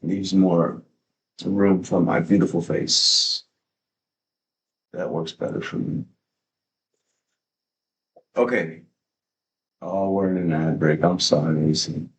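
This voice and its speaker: A man hosting a livestream, talking in a casual, excitable, rambling way with plenty of swearing, into a desk mic at his home setup. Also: low voice, slow, long pauses, slight background noise. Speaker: livestream host. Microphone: desk microphone.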